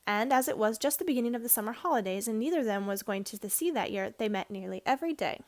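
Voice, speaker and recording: A woman's voice: fairly high pitch, animated, quick pace, hardly any pauses. Woman reading a storybook aloud. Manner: gentle, clear reading with occasional self-corrections.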